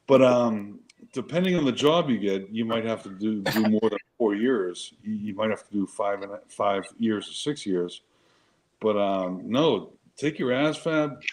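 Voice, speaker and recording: A man's voice: mid-range voice, a little mellow, a little hiss or hum, poor audio. A man, a Marine veteran co-hosting a casual chat show, telling stories in a profane, emphatic, rambling way.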